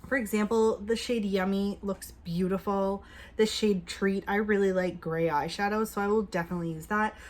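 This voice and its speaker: Woman beauty vlogger at home, chatty and upbeat, middle pitch, drops to hushed asides while applying. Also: fairly even intonation, moderate pace. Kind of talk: casual makeup review.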